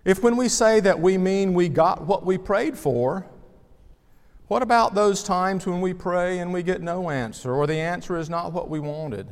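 A male pastor delivering a measured sermon, reading scripture and praying, letting his phrase ends fall away softly. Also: on the high side. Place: church sanctuary. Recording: long reverb of a church sanctuary.

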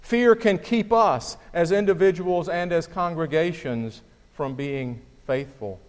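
A man preaching a sermon, reading scripture and speaking in a measured, deliberate way with slow, emphatic pauses. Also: on the high side. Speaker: pastor. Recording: long reverb of a church hall.

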